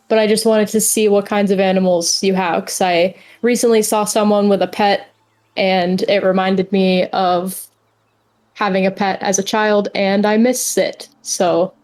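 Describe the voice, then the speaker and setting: Woman player, flat and hesitant, lots of fillers. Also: mid-range voice.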